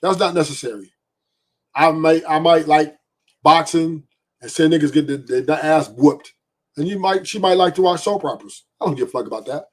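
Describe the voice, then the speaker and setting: A man's voice: a little high, a little fast. A man hosting a podcast, giving blunt, profane opinions and often asking "right?". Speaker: podcast host.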